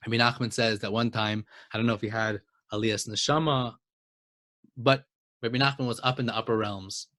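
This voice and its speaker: A man's voice: lowish voice, brisk, no room sound, clean studio sound. Emphatic man teaching a Torah lesson. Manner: emphatic, building to excited exclamations.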